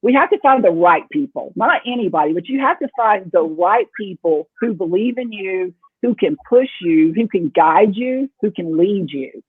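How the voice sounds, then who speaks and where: Earnest guy on a panel, high husky voice, sounds like a phone line. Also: animated, moderate pace, few pauses, no echo. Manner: earnest, emphatic, uses repetition. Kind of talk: casual panel talk. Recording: tinny phone-like call audio.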